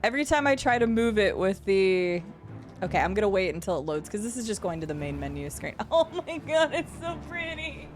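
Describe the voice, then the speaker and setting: A young woman streaming a game, chatting casually and getting emotional and excitable, with casual swearing. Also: medium pitch, brisk, soft background music. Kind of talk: casual live-stream gaming chat.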